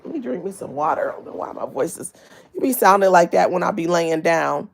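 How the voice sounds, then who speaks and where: A woman hosting a casual gossip livestream from home, lying down, chatty and full of drawn-out ums. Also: lowish voice, lively intonation, gravelly. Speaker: livestream host.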